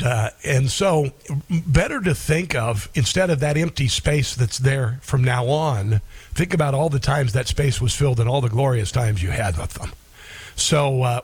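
A middle-aged man hosting a talk radio show, sharing a heartfelt personal story in a halting way, often restarting his sentences. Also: mid-range voice, husky.

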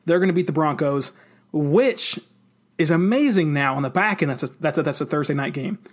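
Excitable higher-voiced man talking football. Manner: fast, excited, rambling. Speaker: sports podcast co-host. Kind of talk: casual sports talk.

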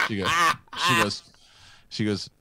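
A man's voice: fairly low pitch, sing-song, slow pace, heavy background noise. A middle-aged man hosting a live show, telling a long personal story in a rambling way with many restarts and fillers. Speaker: host. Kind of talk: casual live show chat.

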